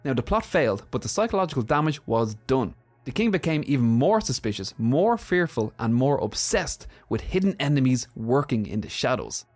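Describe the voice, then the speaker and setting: A man co-hosting a storytelling podcast, explaining history in an engaged, conversational way. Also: medium pitch. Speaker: podcast co-host.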